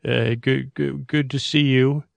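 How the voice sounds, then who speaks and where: A man hosting a comedy podcast, improvising a comic scene in a halting way, full of fillers and restarts. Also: mid-range voice, little pitch movement, vocal fry, dry recording.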